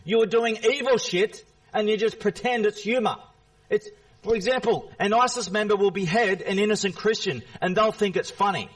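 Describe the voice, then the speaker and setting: A man's voice: high voice, moderate pace, far from the mic, poor audio. A man in an angry, confrontational rant at a chat viewer during a live stream, repeating himself and swearing.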